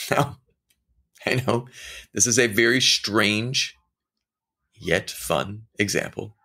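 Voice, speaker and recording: A man giving a casual motivational talk. He speaks straight to the listener and tells stories, often acting out the voices of the people in them. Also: fairly low pitch. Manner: animated storytelling, acting out quoted voices; conversational, addresses listener directly.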